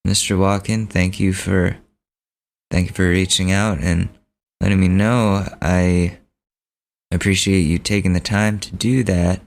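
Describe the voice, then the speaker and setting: A courteous young campaign staffer , as a man plays him, answering the phone with careful, hesitant politeness. The voice stays low and unhurried, close to the man's everyday tone. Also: level tone, vocal fry. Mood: polite.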